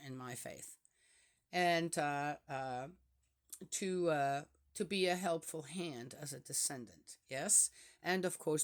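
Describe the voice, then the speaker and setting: A woman reading psalms aloud and stopping to reflect on them in a hesitant, musing way, often checking in with the listener by asking "yes?". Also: deep voice. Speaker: scripture reader.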